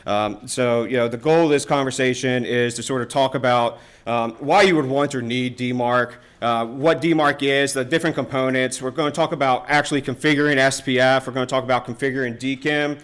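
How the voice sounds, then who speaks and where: A man's voice: mid-range voice, fairly even intonation, a little fast, few pauses, a bit bright, smooth. Casual man giving a conference talk. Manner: casual, filler-heavy, many "uh" and "you know". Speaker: conference presenter on email security. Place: university lecture room.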